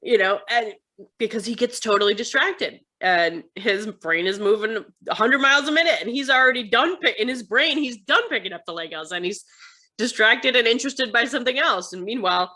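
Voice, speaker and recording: A woman from the United States, a guest in a casual interview, telling stories in an animated way and acting out the voices of others. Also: fairly high pitch, fairly quick. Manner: animated storytelling, acts out her sons' voices. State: tired.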